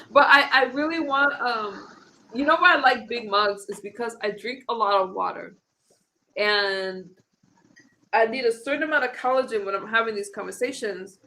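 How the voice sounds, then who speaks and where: Woman stream host, bright-toned, rambling casual chat. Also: mid-range voice, slight background noise, poor audio. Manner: chatty, rambling, frequent restarts. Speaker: host of a political commentary stream.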